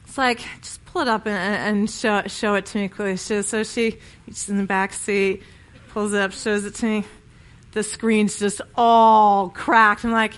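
A woman's voice: on the high side, measured pace, a bit bright. A woman preaching a sermon in a conversational, storytelling way, often restarting her sentences.

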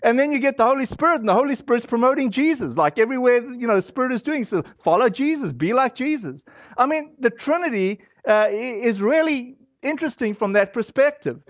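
A man with a fairly high voice preaches in a loose, chatty way, often slipping in fillers and quick asides. The sound is very dry with no room around it, and the recording is a little dull and lo-fi. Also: no echo. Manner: casual and animated, acts out quoted voices, many fillers. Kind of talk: conversational sermon.

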